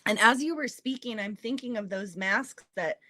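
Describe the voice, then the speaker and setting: A woman guest on a podcast, speaking in a calm, measured and thoughtful way. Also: on the high side, no echo. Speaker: podcast guest, healing practitioner. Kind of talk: reflective podcast conversation.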